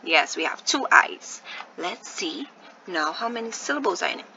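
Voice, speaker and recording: Woman, grade one teacher, video lesson, patient syllable sounding, slight vocal fry, dull lo-fi sound. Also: on the low side, lively intonation, normal speed, pushed and bright, a little hiss or hum. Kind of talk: online video lesson for young children.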